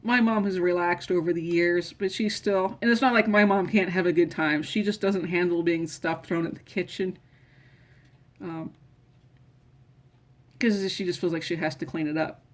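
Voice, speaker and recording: A middle-aged woman casually telling family stories, rambling and often restarting her sentences. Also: fairly low pitch. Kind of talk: casual personal storytelling.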